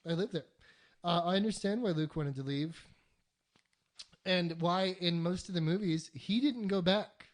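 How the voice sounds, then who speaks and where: Profane, rambling podcast talker. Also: mid-range voice. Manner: profane, rambling, acts out quick mock voices for characters. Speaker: podcast co-host. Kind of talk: casual podcast chat.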